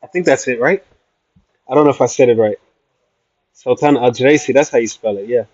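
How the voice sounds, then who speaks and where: A man's voice: mid-range voice, fairly quick, darkish tone, no echo, lo-fi sound. A man on a casual travel livestream, chatting playfully as he answers viewers' questions. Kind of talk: casual livestream chat reading comments. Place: traveling in Iraq.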